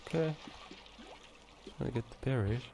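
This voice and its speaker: A man's voice: mid-range voice, a little slow, gravelly, mellow. A young man casually commenting on his own gameplay, musing aloud in a chatty, hesitant way. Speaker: let's play gamer. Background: game music.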